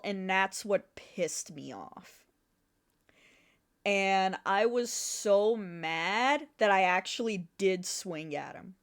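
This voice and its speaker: A young adult woman streaming a game, telling a story in an animated, exasperated way with plenty of swearing. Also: mid-range voice, slow. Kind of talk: casual storytelling while gaming.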